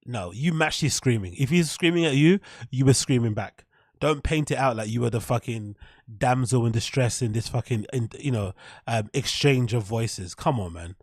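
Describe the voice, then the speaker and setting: A man's voice: mid-range voice, moderate pace, darkish tone, slightly rough, no echo, clean studio sound. Sarcastic, blunt podcast host, man. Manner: sarcastic, blunt, laughs a lot, swears. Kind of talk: casual rant reacting to a clip.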